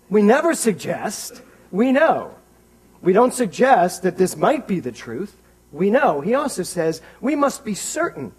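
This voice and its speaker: A man giving a conversational sermon as a minister in a church, animated and wry, talking straight to his congregation. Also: medium pitch, slightly rough, poor audio.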